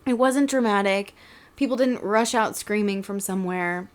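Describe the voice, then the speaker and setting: A woman's voice: mid-range voice, moderate pace. A young woman co-hosting a podcast, talking casually with many fillers. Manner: chatty, many "like" fillers, tearful at times. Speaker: podcast co-host. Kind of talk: casual chat.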